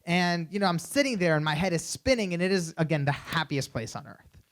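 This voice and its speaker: A young man giving a keynote on a conference stage, telling an animated story through a stage microphone, with many "you know"s. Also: fairly high pitch, a little fast. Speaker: keynote speaker.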